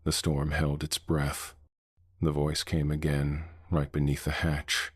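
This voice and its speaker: A man narrating a horror story in a measured, hushed, ominous way. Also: rumbling low, monotone, dry recording, clean studio sound.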